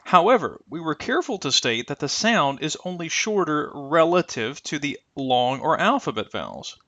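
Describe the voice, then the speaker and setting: Man, pronunciation teacher, bright lively voice, dry slightly muffled recording. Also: fairly high pitch, no room sound. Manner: careful, deliberate, stretches example sounds. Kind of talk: scripted instructional narration.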